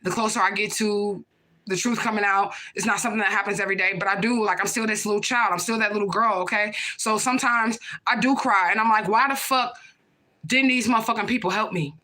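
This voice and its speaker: This card reader is a young woman on a live stream whose mid-range voice is bright, forceful and quick, its intonation fairly even. Her casual talk is blunt and full of swearing, and she keeps stressing points with "okay?" and "period, point blank."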